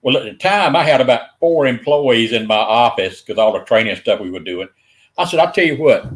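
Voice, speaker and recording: A man's voice: medium pitch, animated, brisk. An older man with a Southern US accent, a guest telling a funny story in an easygoing, dry-humored way, chuckling now and then. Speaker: guest speaker. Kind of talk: casual storytelling chat.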